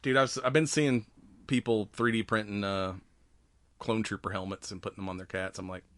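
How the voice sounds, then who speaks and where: A man's voice: on the low side, fairly even intonation, brisk, a bit bright, no echo. A man in his forties co-hosting a podcast in casual chat, laughing often and acting out movie lines in silly voices. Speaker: podcast co-host.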